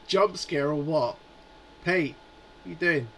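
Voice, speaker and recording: A man's voice: fairly high pitch, slow, a little hiss or hum, low-quality recording. A man in his forties hosting a live stream, chatting in a rambling, amused way. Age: 40s. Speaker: livestream host. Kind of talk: casual live chat.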